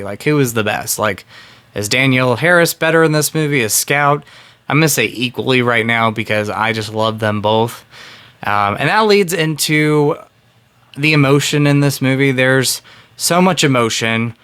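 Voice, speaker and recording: A man's voice: mid-range voice, sharp tone, clean tone. A man in his thirties giving a casual, earnest film review, rambling with lots of fillers and restarts. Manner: earnest and emotionally invested.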